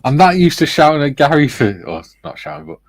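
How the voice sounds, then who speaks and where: A man's voice: on the high side, big pitch swings, fairly quick, dry recording. A man hosting a casual hobby livestream, reading viewer comments aloud and chuckling often. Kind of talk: casual group chat on a modelling stream.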